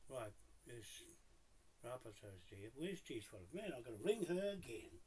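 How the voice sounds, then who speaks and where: A man's voice: medium pitch, very animated, unhurried, darkish tone, a little hiss or hum, rough recording. A man grumbling and swearing to himself in his home office while he waits for people on a live stream.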